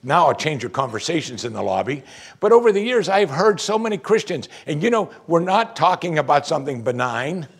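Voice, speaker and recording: A middle-aged male pastor preaching an animated sermon, acting out what people say to him. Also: fairly high pitch, fairly quick, gravelly, husky. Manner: animated preaching, quoting congregants in mock voices.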